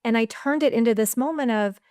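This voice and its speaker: A woman speaks with a smooth, resonant voice, recorded close and dry. She talks casually as a coach, throwing in "right?" and voicing her own thoughts aloud. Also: on the high side, a little fast, a little mellow, dry recording. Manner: chatty, tags "right?", acts out her inner voice. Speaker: executive coach guest. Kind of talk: casual interview chat.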